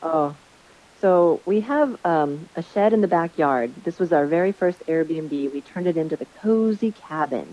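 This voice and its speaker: Woman, casual chat, lowish voice, animated storyteller who acts out quotes, dull lo-fi sound. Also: normal speed. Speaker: Airbnb host sharing stories.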